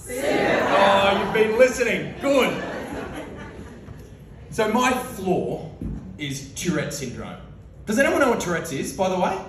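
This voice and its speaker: A man's voice: high voice, very noisy. A man in his forties with an Australian accent giving a playful, comedic keynote talk at a conference, laughing often. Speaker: motivational speaker. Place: large conference hall. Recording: echoey hall from far off.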